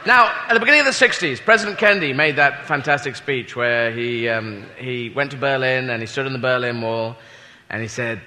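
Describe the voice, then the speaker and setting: A man's voice: mid-range voice, lively intonation, brisk, pushed and bright. Man telling a stand-up story in a reverberant hall. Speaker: stand-up comedian. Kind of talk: stand-up routine. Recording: long hall reverb, background noise.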